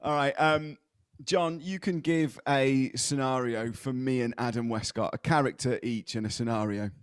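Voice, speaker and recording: Cheerful sweary podcast host. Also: male voice, mid-range voice, fairly even intonation, moderate pace, clean tone, no echo, studio quality. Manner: cheerful, sweary, leads the segment. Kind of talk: casual comedy podcast chat.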